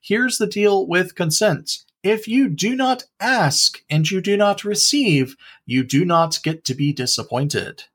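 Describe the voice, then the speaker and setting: Animated male co-host, swooping higher voice, blunt. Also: a little slow, few pauses, breathy edge. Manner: animated, blunt, jokey emphasis. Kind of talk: casual discussion.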